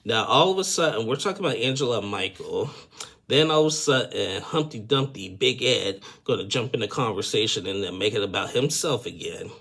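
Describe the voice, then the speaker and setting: Gravelly low-voiced man rambling. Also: expressive, fairly quick, a bit bright. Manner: rambling, full of fillers and "and everything". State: yawning, tired. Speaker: reality TV recap vlogger. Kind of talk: casual retelling.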